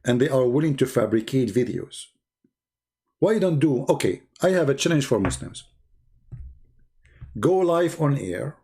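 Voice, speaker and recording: A husky-voiced man holds forth on a live stream, full of sarcasm and mockery. His English is non-native and loosely phrased, and he slips into arguing in his opponents' voices. The tone never settles into anything earnest. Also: medium pitch, animated, normal speed, pauses often, warm tone. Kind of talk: mocking live-stream rant.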